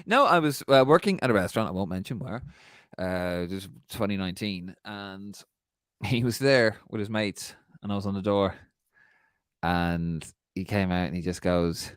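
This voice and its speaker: A man's voice: deep voice, moderate pace, a bit bright, clear, resonant tone, no room sound, studio quality. A man co-hosting a casual podcast, swearing and laughing as he tells stories and reads listener questions. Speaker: podcast co-host.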